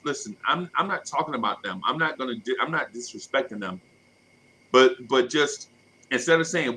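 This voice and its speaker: A man's voice: mid-range voice, lively intonation, moderate pace, sharp tone, low-quality recording. A man co-hosting a casual sports fan podcast, talking in a hyped, slangy way and repeating himself. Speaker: podcast co-host.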